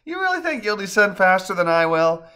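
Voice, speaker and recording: A man reading aloud and voicing a playful, teasing young wife with a raised, lively voice. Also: sits high, smooth, pitched above the performer's own voice, exaggerated voice. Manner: teasing, quick comebacks.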